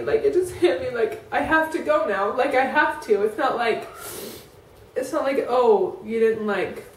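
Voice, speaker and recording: A high-voiced woman in her thirties tells a personal story to camera, rambling and restarting, filling gaps with "like". She sits back from the mic in an echoey room, so her voice sounds roomy. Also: moderate pace, distant mic. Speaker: vlogger.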